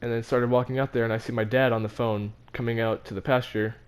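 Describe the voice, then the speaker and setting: A man's voice: mid-range voice, flat delivery, fast talker, clean tone. Rambling teenage boy telling a story. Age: teens. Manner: rambling, self-mocking, frequent fillers and restarts. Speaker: vlogger. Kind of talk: casual storytelling.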